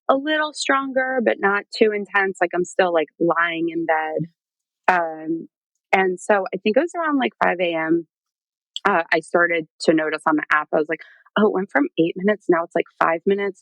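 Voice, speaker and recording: A woman with a fairly low voice tells her story casually, filling her talk with "like" and "um" and acting out what people said. The sound is close and dry, with no room around it. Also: dry recording, poor audio. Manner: chatty, lots of "like" and "um", animated quoting. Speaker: podcast guest telling her birth story.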